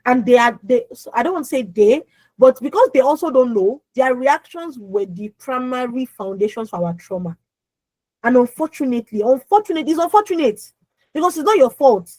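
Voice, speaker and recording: A young adult woman with a naturally loud voice, coaching an audience on a video call. She is emphatic, repeats words and keeps asking her listeners questions. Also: high voice, lively intonation, a little fast, dry recording, low-quality recording. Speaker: emotional healing coach. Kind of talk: lively motivational talk on an online call.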